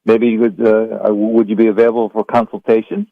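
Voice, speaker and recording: A man's voice: lowish voice, level tone, a little fast, no room sound, phone-quality sound. A man co-hosting a radio show, prompting with brief questions and interjections. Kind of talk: casual radio chat.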